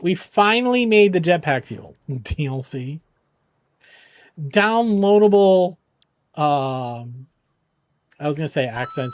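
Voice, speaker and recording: High-voiced joking male streamer. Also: no room sound. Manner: joking, rambling, reassuring. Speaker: charity game streamer. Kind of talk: casual chat with viewers.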